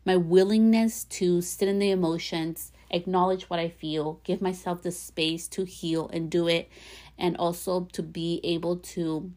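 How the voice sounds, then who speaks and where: Gentle encouraging woman podcast host. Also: lowish voice. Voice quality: soft, warm and encouraging, with light giggles. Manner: gentle affirmations, repeats herself for emphasis. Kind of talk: heartfelt solo podcast talk.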